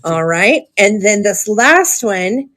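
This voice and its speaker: A woman's voice: fairly low pitch, lively intonation, a little slow. Gushing woman running a live sale. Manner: chatty and gushing, with frequent ums. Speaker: live online auction seller. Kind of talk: live sale stream chat.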